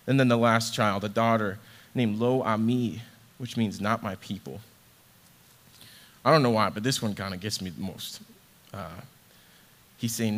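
A man's voice: lowish voice, unhurried. A young adult man preaching a sermon in a conversational, earnest way, with casual fillers. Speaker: ministry associate director preaching.

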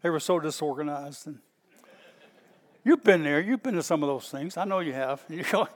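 A middle-aged man with a Southern US accent, a pastor preaching in a folksy, storytelling way that bursts out loud at times. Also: a little high, moderate pace, in a large hall. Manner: folksy and animated, stretches words, bursts out loud. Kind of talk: storytelling sermon.

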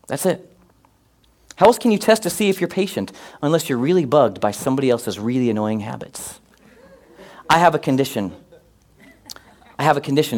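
A man preaching a sermon, mixing scripture with comic personal stories and getting loud and animated at times. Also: mid-range voice. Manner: animated, comic asides, rising to near-shouts. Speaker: pastor.

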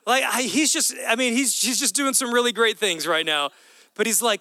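A man in his thirties preaches a lively, conversational sermon, slipping into the dialogue he describes. His voice sits high and sounds bright and crisp. The sound is dry and close. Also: normal speed, dry recording. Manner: animated and conversational, acting out dialogue. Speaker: pastor.

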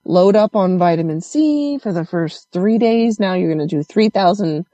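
A woman telling a story in casual conversation, animated and swearing as she acts out what others said. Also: fairly low pitch, normal speed, no room sound, highs cut off.

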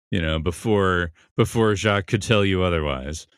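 A man's voice: deep voice, clear, resonant tone, dry recording, clean studio sound. A man hosting a podcast, casually recapping and analyzing a TV episode in a thoughtful, conversational way, thinking aloud as he goes. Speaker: podcast host.

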